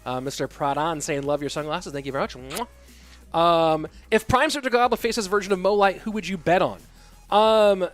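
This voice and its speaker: Casting: male esports caster, fairly high voice, joking, reads chat between plays, faint music underneath. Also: animated, fairly bright tone. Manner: chatty, joking, quick play-by-play. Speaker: esports caster and stream host. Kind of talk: live game commentary and chat reading.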